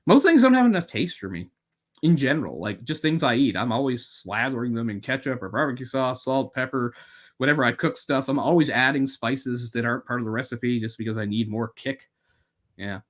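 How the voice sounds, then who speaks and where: A man's voice: mid-range voice, fairly quick, fairly bright tone. A man co-hosting a podcast, chatting casually and wryly about a film, rambling and swearing now and then. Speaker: podcast co-host.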